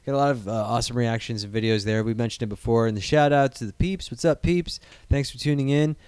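A man rambles through a casual podcast chat, joking and swearing freely. His voice is smooth and clear at a middling pitch. It sits dry and close on the mic. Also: fast, darkish tone, dry recording. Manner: profane, jokey, rambling. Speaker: podcast co-host.

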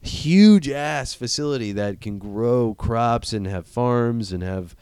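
A man's voice: mid-range voice, animated, darkish tone, clean tone, dry recording, studio quality. A man recapping a movie in casual chat, joking, swearing and acting out the characters. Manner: profane, jokey, acts out characters in quick voices.

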